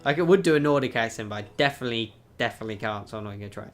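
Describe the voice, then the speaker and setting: A man's voice: medium pitch, expressive, very fast, few pauses. A man hosting a game video, reading dialogue aloud with jokey asides and self-mocking laughs. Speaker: gaming video host.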